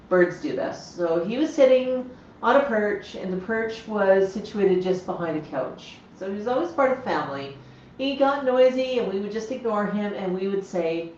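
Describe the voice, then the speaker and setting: Slow-talking woman in an echoey room. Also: medium pitch, a little mellow, a little hiss or hum. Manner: chatty, explains bird behavior while talking to her parrots. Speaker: livestream host with pet parrots. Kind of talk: casual livestream chat. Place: home room with parrots. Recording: echoey, slightly dull lo-fi sound.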